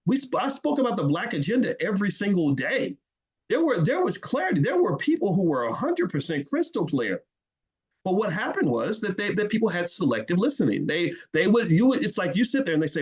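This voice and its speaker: A man giving impassioned commentary, emphatic and animated, often repeating words. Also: sits high, fairly quick, breathy edge, muffled recording.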